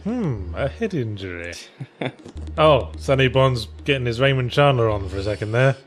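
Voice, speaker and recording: A man's voice: mid-range voice, very animated, moderate pace. A man giving casual, sardonic commentary while playing a video game with a friend. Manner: sardonic, joking banter. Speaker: let's play co-host.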